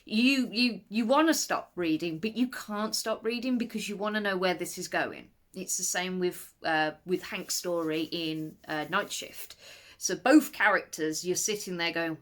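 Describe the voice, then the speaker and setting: This woman's video book review is casual and wandering, delivered at a moderate pace with lots of animation. She laughs nervously and now and then bursts into high-pitched exclamations.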